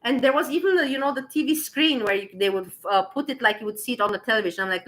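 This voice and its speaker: A woman casually telling a personal story to her viewers, animated and laughing as she acts out the dialogue. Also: fairly high pitch, quick pace, hardly any pauses, poor audio.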